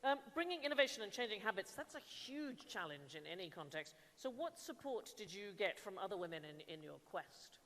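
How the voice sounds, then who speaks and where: A woman moderating a live panel at an awards event, asking questions briskly and with encouragement. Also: medium pitch, sing-song, fairly bright tone. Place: large event hall. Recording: long hall reverb.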